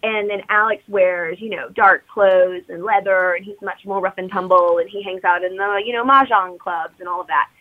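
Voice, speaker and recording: A woman's voice: medium pitch, steady tone, moderate pace, hardly any pauses, narrow, tinny audio. A woman co-hosting a podcast, recapping a movie as a chatty, rambling storyteller. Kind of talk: casual chat recapping a movie.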